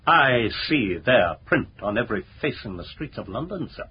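An actor as a blustering, pompous lawyer full of scorn, holding forth at length. The voice comes over a muffled old radio broadcast with a faint hiss underneath. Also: male voice, medium pitch, sing-song, normal speed, close to an everyday voice. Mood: scornful. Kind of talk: radio drama acting.

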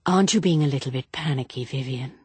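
A woman voicing an anxious, clinging woman who pleads in hushed, breathless tones. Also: a bass voice, fast talker, husky, no room sound, exaggerated voice. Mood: pleading.

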